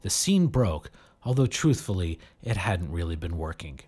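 Expressive story narrator, lively, kinda husky. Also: low voice, moderate pace. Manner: expressive, animated. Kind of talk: audiobook storytelling.

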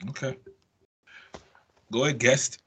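A man's voice: medium pitch, fairly even intonation, slow pace, husky. A man hosting a casual podcast chat in a laid-back way, prompting the others to talk. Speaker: podcast host.

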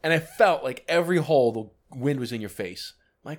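Man, podcast co-host, casual chat, animated storytelling, swears a lot, mid-pitched voice. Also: moderate pace.

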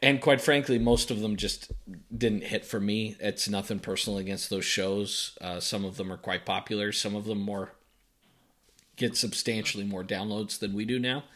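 A man's voice: lowish voice, steady tone, moderate pace, a bit bright. A man co-hosting a podcast in casual chat, laid-back, reading listener messages aloud. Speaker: podcast co-host.

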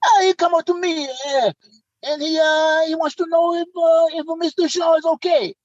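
A man putting on the voice of an excitable friend who speaks breathless, halting broken English. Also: extremely high pitch, no echo, dull audio, pitched above the performer's own voice. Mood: astonished.

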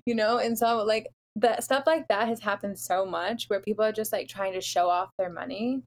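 A young woman from the Los Angeles area talking casually and telling a dating story. Her voice sits mid-range in pitch, and she packs her sentences with "like" fillers. She is animated and keeps the story moving. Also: normal speed. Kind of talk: casual chat.

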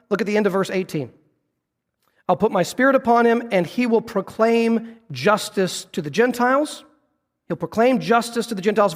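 A man preaching a sermon as pastor, earnest, dropping low and soft to stress a point. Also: long reverb tail.

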